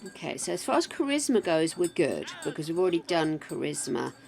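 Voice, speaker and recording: A woman's voice: low-pitched, very animated, a little fast, creaky, a little mellow. An older woman with a slightly wobbly voice, chatting with her viewers and thinking aloud while she plays a game on a live stream. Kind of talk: casual live-stream chat while playing.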